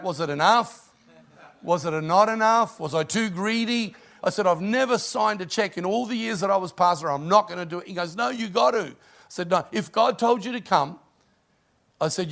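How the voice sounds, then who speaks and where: A man's voice: high-pitched, a bit bright. A middle-aged man, a pastor, preaching a sermon and telling stories with rising emphasis.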